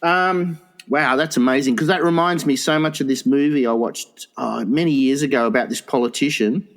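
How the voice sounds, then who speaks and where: A man's voice: steady tone, brisk. A man co-hosting a crude comedy podcast, laughing often and swearing as he tells stories. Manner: laughs often, swears, swoops into squeaky voices for quotes. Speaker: podcast co-host.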